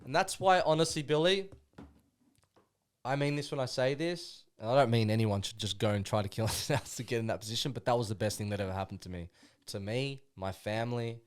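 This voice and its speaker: A man's voice: medium pitch, a little fast. A young Australian man, a podcast guest, talking casually and rambling, full of slang and "bro". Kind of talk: casual conversation.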